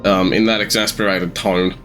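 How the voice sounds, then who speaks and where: An eighteen-year-old Australian man rambling through casual gameplay commentary with halting ums, sounding sleepy. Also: low voice, little pitch movement, music in the background. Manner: rambling, halting, many ums, sometimes swears. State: sleepy, yawning. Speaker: gamer streamer.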